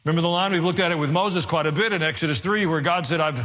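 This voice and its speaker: A man's voice: a little high, fast, a bit bright. Male pastor, sermon delivery, wry asides, emphatic build, long hall reverb. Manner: builds to raised, emphatic preaching.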